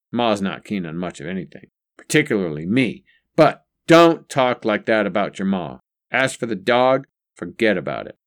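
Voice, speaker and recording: A man puts on a blunt old father, curt and dismissive, his lines clipped and low. He sounds gruff and set in his ways, like a man who smokes heavily, in a read storybook.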